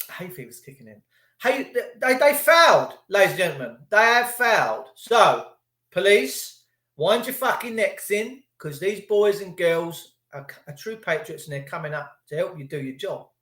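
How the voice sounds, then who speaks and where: A man with a voice on the high side rants angrily on a livestream, and the sound is roomy. He swears and mocks people using put-on voices.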